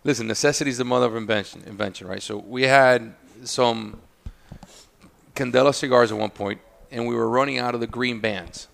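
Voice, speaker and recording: A man chats as a podcast guest, telling lively stories and getting loud and laughing when he imitates people. His voice is bright and forward, with a gravelly fry running under it. He sounds relaxed, as if sitting on a studio couch. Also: mid-range voice, brisk. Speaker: guest, cigar maker. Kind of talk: casual storytelling chat.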